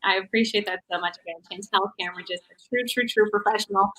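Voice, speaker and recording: A woman hosting a sports talk show, her voice bright and forward. She talks quickly and gushes encouragement at her guest. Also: medium pitch, steady tone, rough recording. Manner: effusive, encouraging. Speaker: host.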